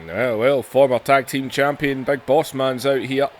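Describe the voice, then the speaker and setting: A man hosting a gaming channel, giving excitable play-by-play on a wrestling video game with self-mocking asides and jumps in pitch on big moves. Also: unhurried.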